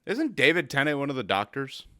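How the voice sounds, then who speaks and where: A man co-hosting a podcast in casual chat, jokey and quick to laugh. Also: mid-range voice, sing-song, bright, forceful tone, no echo, studio quality. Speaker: podcast co-host.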